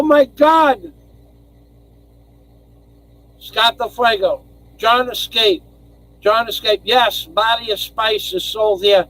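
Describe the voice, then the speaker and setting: A man with a rather high voice talks slowly and loosely to his live-stream viewers from home, pausing to thank donors and read their names aloud. He sounds hoarse, as if his voice is wearing out, and he rambles from one thing to the next. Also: rough recording. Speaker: livestream host. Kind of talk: casual live-stream chat.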